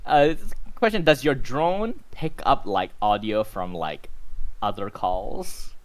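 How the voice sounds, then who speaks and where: A man's voice: fairly low pitch, takes it slowly. A man running a tabletop game as game master, narrating loosely with lots of fillers.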